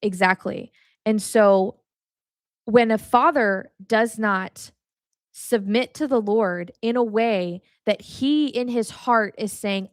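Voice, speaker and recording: A woman's voice: a little high, slow pace, a bit bright, no echo, clean studio sound. A woman hosting a podcast with a casual faith teaching, talking candidly and straight to the listener, swearing freely and speaking with emotion. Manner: talks straight to the listener, calls them honey. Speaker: podcast host.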